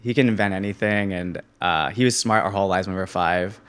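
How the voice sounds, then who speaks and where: A man's voice: low-pitched, fast talker, smooth. Laughing young man telling a story. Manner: animated, laughs often, acts out quoted voices. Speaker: guest. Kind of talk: casual storytelling interview.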